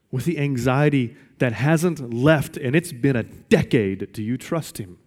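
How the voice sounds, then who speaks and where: A male pastor delivering a sermon in an emphatic style, returning to the same question again and again to drive it home. His voice sits at an ordinary middle pitch for a man. A long reverb trails his words, as in a large church sanctuary. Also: a little slow, hardly any pauses, a little mellow. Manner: emphatic, repeats questions for weight.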